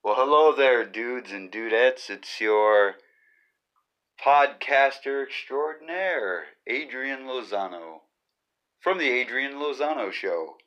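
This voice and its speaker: A man's voice: medium pitch, lively intonation, takes it slowly, a bit bright, highs cut off. A man hosting his own comedy podcast, talking in a rambling, awkward, jokey monologue. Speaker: podcast host. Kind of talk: casual comic monologue.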